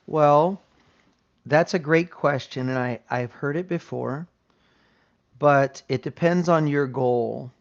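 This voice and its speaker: An American man teaching an English lesson, explaining points patiently and checking in with "right?". His voice has a gravelly edge. The sound is dull and lo-fi. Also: on the high side, slow. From United States.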